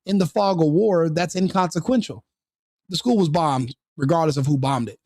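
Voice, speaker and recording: A man's voice: fairly high pitch, moderate pace, a little mellow, no room sound, clean studio sound. A man hosting a live stream, giving opinionated commentary full of rhetorical questions and repeated restarts. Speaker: streamer host.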